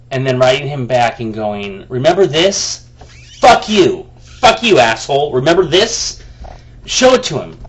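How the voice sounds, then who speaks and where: A man venting to the camera in a heated, profane rant. He often restarts his sentences, and he talks to himself by name. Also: mid-range voice. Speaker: vlogger.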